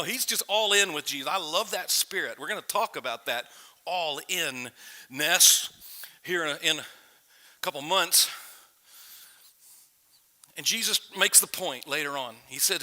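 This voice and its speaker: A man preaching a sermon in a casual, conversational way, restarting phrases and swinging from loud emphasis to quiet asides. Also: sits high, expressive, moderate pace, long pauses. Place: church sanctuary. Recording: long reverb of a church hall.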